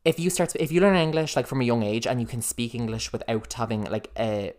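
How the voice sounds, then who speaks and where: Young male co-host, rapid-fire, sassy, profane, animated. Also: medium pitch. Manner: animated, sassy and profane, quick to take mock offence. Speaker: podcast co-host. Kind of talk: casual chat.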